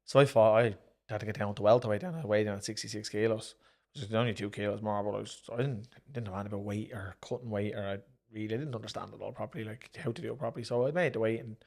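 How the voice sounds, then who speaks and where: Fast-talking gravelly Irish man. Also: fairly low pitch, a little mellow. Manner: brisk anecdotal telling, re-enacting his own exchanges, swears casually. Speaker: former pro boxer and promoter, guest. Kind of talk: casual storytelling interview.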